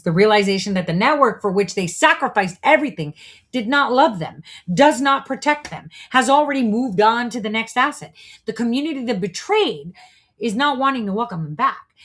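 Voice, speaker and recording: A woman's voice: mid-range voice, a bit bright, slightly rough. A woman hosting a show, delivering a preachy, profane monologue full of rhetorical asides. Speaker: show host. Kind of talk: monologue commentary.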